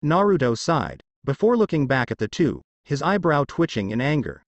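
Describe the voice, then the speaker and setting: A man narrating a fanfiction story in a steady, expressive scripted reading. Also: a little high, moderate pace, no room sound, dull audio.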